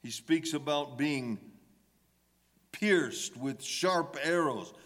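A man preaching slowly and deliberately, his voice sitting a little high. He presses each plea with growing emphasis. The sound rings with the long reverb of a large sanctuary. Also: a bit bright. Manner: emphatic, voicing the psalmist's pleas with rising intensity. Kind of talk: sermon.

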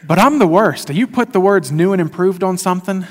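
A male pastor giving a conversational, animated sermon, often laughing at himself. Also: sits high, fairly quick, big-room sound.

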